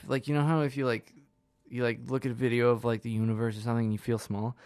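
A man's voice: mid-range voice, flat delivery, fast talker, darkish tone, no echo, clean studio sound. A man in his twenties hosting a radio show, chatting in a casual, rambling, self-deprecating way with lots of fillers. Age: 20s. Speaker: radio host.

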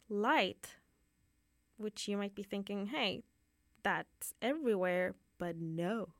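A woman's voice: medium pitch, no echo, clean studio sound. A young woman hosting a radio talk show, reviewing plays in a rambling, giggly way with many fillers and restarts. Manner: giggly, rambling, full of fillers and self-corrections. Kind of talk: casual theater review chat. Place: radio studio.

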